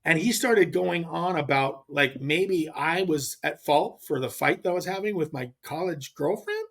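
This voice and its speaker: A middle-aged man from California, a podcast guest telling a fishing story in a casual, animated way with frequent restarts. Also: a little high, normal speed, vocal fry. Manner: animated, acts out others' lines, frequent restarts. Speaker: podcast guest, pro angler.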